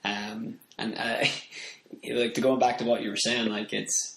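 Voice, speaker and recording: A man's voice: mid-range voice, level tone, unhurried, creaky, a bit bright. A Northern Irish man chatting casually as a podcast guest, rambling with lots of fillers and restarts. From Ireland. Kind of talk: casual chat. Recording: roomy echo, faint background noise.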